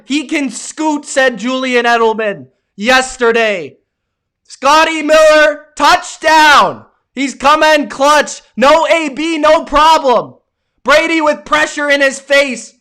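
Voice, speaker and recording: Young male streamer, high bright voice, unhurried between plays, erupts into shouts on big moments. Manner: excitable, yells at big plays, talks to chat viewers. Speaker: live stream sports reaction host. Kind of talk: live play-by-play reaction to a game.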